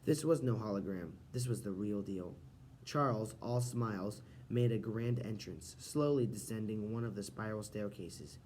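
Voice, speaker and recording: Guy reading a kids novel audiobook, steady and expressive, low mellow voice. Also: normal speed, a little hiss or hum, low-quality recording. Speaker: audiobook reader. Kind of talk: audiobook narration.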